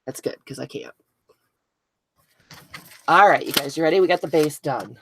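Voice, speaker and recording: A woman with a low voice hosts a live craft stream from home. She chats easily with viewers by name and laughs at her own slips. A faint hiss sits under the recording. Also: moderate pace, vocal fry. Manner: chatty, self-deprecating, talks to viewers by name. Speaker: craft video host.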